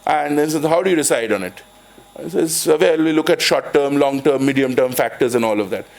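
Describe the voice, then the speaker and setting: A man with an Indian English accent lectures to a room, his voice pitched fairly high. He rambles through examples with many restarts and fillers. He slips into storytelling with dry jokes. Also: fairly quick, gravelly, darkish tone. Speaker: finance professor. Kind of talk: university lecture with anecdotes. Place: lecture hall.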